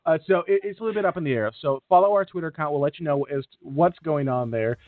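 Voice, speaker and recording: A man's voice: on the high side, fast talker, no echo. A man co-hosting a casual space podcast, chatty and rambling with lots of fillers. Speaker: podcast co-host. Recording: tinny phone-like line.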